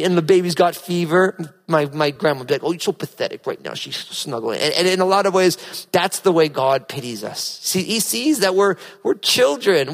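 A man's voice: high-pitched, a bit bright. A pastor preaching a sermon and reading scripture aloud, earnest, often restarting his sentences. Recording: long hall reverb.

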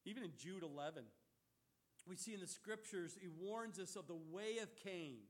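A man preaching a sermon in an animated, emphatic way, mixing casual slang into his teaching. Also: high voice, normal speed.

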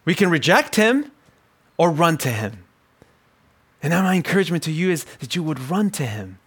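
A male pastor gives a sermon in a slightly higher voice, telling his own story. He drops to near-hushed reflection, then builds to emphatic, ringing lines. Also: animated, brisk, breathy edge. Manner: storytelling, swings from quiet to emphatic.

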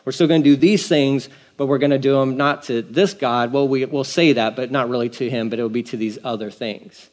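A man's voice: medium pitch, brisk, hardly any pauses, darkish tone. A man pastor preaching a conversational sermon, repeating phrases for emphasis.

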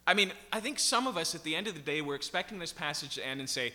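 A man's voice: a little high, expressive, fast, hardly any pauses, pushed and bright. A man preaching an expository sermon from the pulpit, emphatic and checking in with his listeners with frequent "right?" and "okay?". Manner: emphatic, keeps asking the congregation "right?" and "okay?". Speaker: pastor. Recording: long reverb of a large hall.

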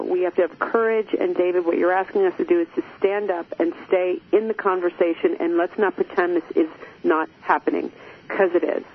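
A man's voice: high voice, phone-quality sound, a little hiss or hum. A man hosting an interview, asking questions and encouraging listeners and his guest. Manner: encouraging, frequent affirming murmurs. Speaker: host.

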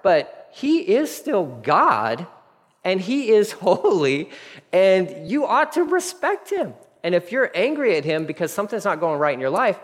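A man preaching a sermon in an earnest, conversational way, dropping to soft, quiet asides. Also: fairly high pitch, big-room sound. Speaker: pastor.

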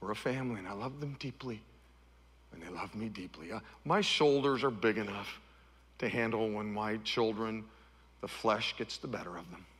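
A middle-aged male pastor preaching a sermon, swinging from loud, high-pitched repeated refrains down to soft, low tones. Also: normal speed, slightly rough, in a large hall.

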